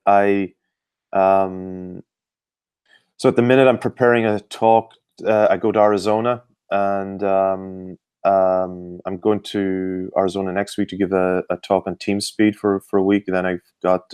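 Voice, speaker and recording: A middle-aged Irish man, a performance coach, answering interview questions in a measured, explanatory way with frequent fillers. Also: sits low, a little mellow, smooth, no echo.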